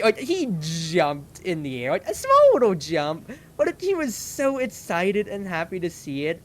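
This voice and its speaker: A young adult streamer telling a long, rambling story in casual stream chat, leaning heavily on "like" as a filler. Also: mid-range voice. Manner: rambling storytelling, heavy use of "like".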